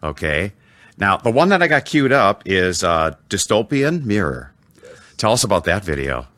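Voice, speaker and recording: A man's voice: fairly low pitch, big pitch swings, moderate pace, fairly bright tone, dry recording. A man in his sixties hosting a casual interview, enthusiastic and full of praise for his guests. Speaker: interview host.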